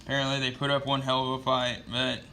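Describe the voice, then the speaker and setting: A man's voice: mid-range voice, monotone, fast talker, pushed and bright, a little hiss or hum. A man casually recapping a comic book issue with loose, profane storytelling and lots of fillers.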